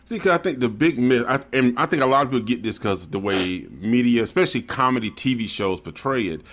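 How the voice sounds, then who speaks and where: A man's voice: medium pitch, fairly quick. A man co-hosting a podcast, chatting casually and reacting with short remarks and chuckles. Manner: relaxed, responsive, chuckles. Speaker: podcast co-host. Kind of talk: casual chat.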